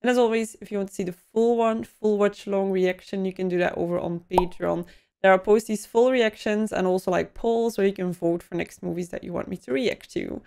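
A woman's voice: mid-range voice, fairly even intonation, brisk, vocal fry, a little mellow, clear, resonant tone. A young woman giving a first-time movie reaction, emotional and given to gasps and exclamations.

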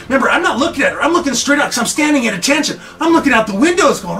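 A man's voice: very high voice, lively intonation, fast talker, hardly any pauses, bright, forceful tone, distant mic, soft background music. A middle-aged man, a school coach, telling students a story from his own life and acting out his reactions with big swings. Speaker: school coach giving a morning talk.

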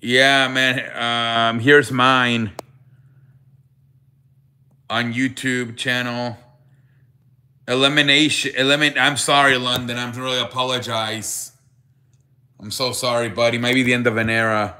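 A man's voice: mid-range voice, level tone, measured pace, long pauses, pushed and bright. A man hosting a casual live sports stream, reading the chat and greeting viewers by name, with a running "I beg your pardon" joke.

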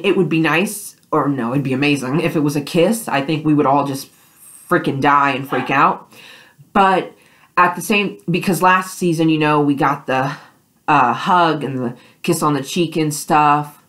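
A woman's voice: deep voice, a bit bright. A young woman vlogging, gushing and rambling with lots of fillers as she reacts to a TV episode. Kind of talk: excited fan reaction vlog.

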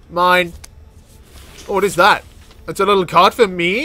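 Excitable high-voiced gaming man. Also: unhurried, slight background noise. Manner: excitable, yelps and cackles at the game. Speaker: gaming YouTuber. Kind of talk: let's play commentary.

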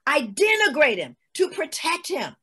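A woman's voice: high-pitched, huge pitch swings, unhurried, pushed and bright. A woman, giving an emphatic, storytelling talk as a guest speaker on a webinar. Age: 60s. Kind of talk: lecture-style webinar talk.

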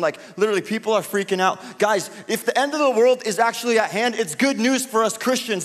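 This is a high-pitched, fairly bright male voice echoing in a large hall. The speaker, a young youth pastor, delivers a casual sermon and prayer to a church gathering in the church hall, chatting loosely and using lots of fillers.

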